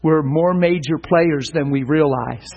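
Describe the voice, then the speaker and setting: A middle-aged man preaching earnestly about prayer, animated and stumbling over repeated words. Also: a little high, measured pace, muffled recording. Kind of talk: sermon-style teaching.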